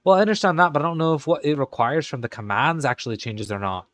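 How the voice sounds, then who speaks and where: A man hosting a live stream, talking casually and halting as he types commands. He mutters to himself and corrects himself, all in an exaggerated put-on Irish accent. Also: on the high side, a bit bright, no echo. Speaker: live-stream host coding game commands. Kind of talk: casual live-stream commentary while typing.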